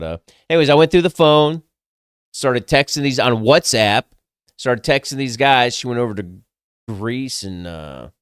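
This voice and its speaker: A man's voice: medium pitch, smooth, no room sound, clean studio sound. A young adult man, casually telling a personal story in a candid, crude, self-mocking way, swearing freely. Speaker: podcast host.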